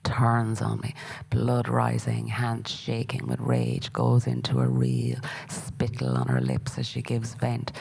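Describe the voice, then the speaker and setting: Gravelly woman giving a dramatic reading. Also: a bass voice, slow pace, darkish tone, rough recording. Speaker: playwright reading her work.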